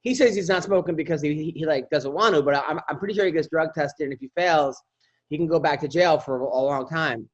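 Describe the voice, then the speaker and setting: A middle-aged man with a somewhat high voice talks fast as he co-hosts a comedy podcast, rambling through everyday anecdotes in casual chat. The lo-fi audio sounds slightly dull.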